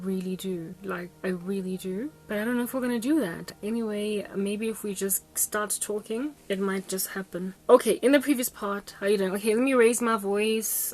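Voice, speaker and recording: A woman's voice: medium pitch, normal speed, few pauses. Chatty South African woman storyteller. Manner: animated, code-switching, chatty. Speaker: vlogger. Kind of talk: storytelling monologue. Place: home.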